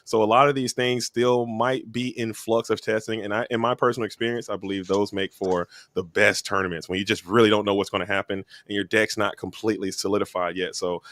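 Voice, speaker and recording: A man with a low voice talks fast and eagerly as a stream caster. His sound is dry and close, with no room around it. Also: level tone, fairly bright tone, dry recording. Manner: enthusiastic hype talk. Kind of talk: casual commentary.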